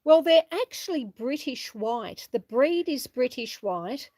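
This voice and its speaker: Out on her farm, a middle-aged woman walks and livestreams, reading viewers' comments and chatting in a relaxed way. Her high voice is animated and unhurried, her replies warm, and her laughter frequent. There's no echo.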